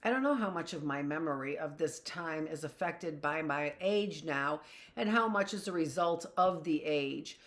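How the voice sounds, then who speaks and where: A woman teacher reading a first-person novel aloud at a steady pace, with small slips and self-corrections and the odd brief aside. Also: sits low, moderate pace.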